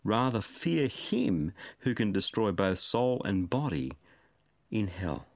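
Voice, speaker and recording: A man's voice: lowish voice, very animated, slow pace, a little mellow, dry recording, clean studio sound. A man preaching a sermon in an earnest, emphatic and pleading way.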